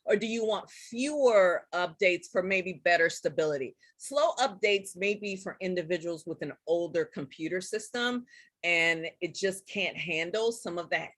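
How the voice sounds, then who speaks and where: A woman hosting a casual live-stream tutorial, chatty and excitable, talking straight to her viewers. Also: on the low side, moderate pace, dry recording. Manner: chatty and excitable, addresses viewers as guys and y'all. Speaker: live-stream host teaching Zoom tips.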